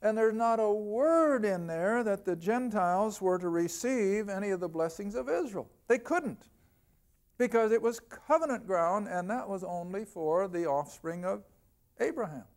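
An older man giving a televised Bible lesson in a folksy, conversational way, reading scripture aloud slowly. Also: high voice, animated, darkish tone. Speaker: Bible teacher.

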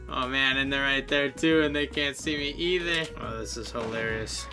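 A man giving excitable, slangy commentary over his own gameplay, laughing often and yelping when he gets caught. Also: medium pitch, moderate pace, few pauses, faint music behind. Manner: slangy, playful trash talk. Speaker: gaming YouTuber.

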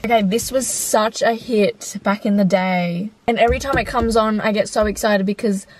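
A woman's voice: mid-range voice, fairly even intonation, moderate pace, distant mic, a little hiss or hum. A young Australian woman chatting casually and giggling as she films a vlog from inside her car. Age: young adult. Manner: giggly, chatty, self-mocking. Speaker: vlogger. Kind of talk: casual chat while driving.

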